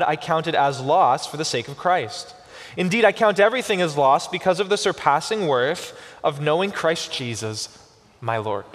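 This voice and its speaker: A man preaching a sermon as pastor, with expressive delivery and slow, emphatic pauses on key words. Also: sits high. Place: church sanctuary. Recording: long church reverb.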